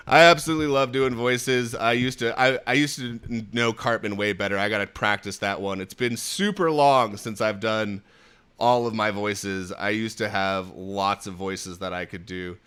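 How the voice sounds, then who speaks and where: A man in his thirties hosting a casual livestream, energetic and jokey, swearing and laughing often. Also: fairly low pitch, normal speed, smooth. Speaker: host.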